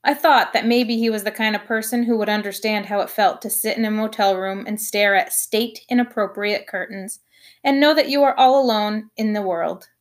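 A woman reading a children's novel aloud, telling the story in an expressive first-person voice. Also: medium pitch, moderate pace. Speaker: audiobook reader.

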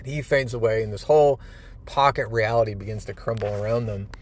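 A man's voice: fairly low pitch, a little fast. A male podcast host casually recapping a comic book issue, retelling the panels with enthusiasm and a few fillers.

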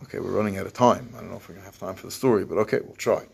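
Deep, gravelly and husky, this man's voice comes rapid-fire as he leads an evening Torah class. In Yeshivish English with Hebrew phrases, he reads and translates verses and performs the people's words.

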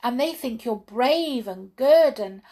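A bubbly little fairy princess in a storybook, put on by a woman reading aloud. Her voice sits well above an ordinary speaking voice and leaps around brightly. She chatters breathlessly and eagerly. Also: fairly high pitch, expressive, takes it slowly, voice pushed up. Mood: excited.

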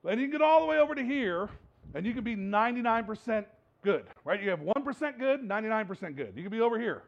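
A man preaching a sermon in church, conversational and animated, repeating phrases for emphasis, recorded on a dull lo-fi recording. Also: high-pitched, fast, gravelly. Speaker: pastor.

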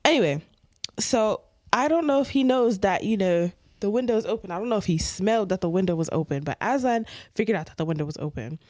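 Animated young woman telling a story. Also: medium pitch, quick pace, no echo, studio quality. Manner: animated, dramatic storyteller acting out scenes. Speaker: podcast co-host. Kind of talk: casual storytelling chat.

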